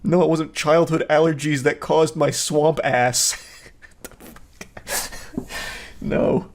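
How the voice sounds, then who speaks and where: Deadpan, crude male online commentator. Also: a little high, slow, creaky. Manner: deadpan, flat-affect delivery; blunt and crude. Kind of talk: casual profane commentary.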